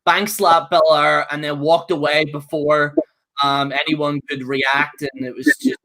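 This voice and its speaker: A man co-hosting a casual podcast, ranting in an animated, mocking way. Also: fairly high pitch, a little slow, rough recording. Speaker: podcast co-host. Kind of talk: heated casual rant.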